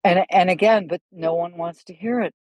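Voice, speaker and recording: A middle-aged woman, a golf instructor, telling stories animatedly in a casual podcast chat, with quick asides and restarts. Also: lowish voice, a little mellow, no echo, rough recording.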